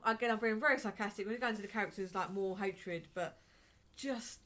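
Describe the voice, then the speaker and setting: A woman's voice: medium pitch, steady tone, fairly quick, a bit bright. A woman co-hosting a casual film chat, sarcastic, hesitant, often murmuring agreement. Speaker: co-host reviewing a film.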